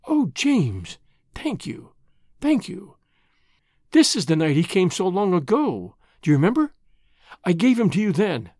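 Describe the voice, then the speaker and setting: A man voicing a devoted mother who speaks softly and gently, pleading and tender. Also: high voice, wildly swooping pitch, normal speed, no room sound, clean studio sound, full character voice.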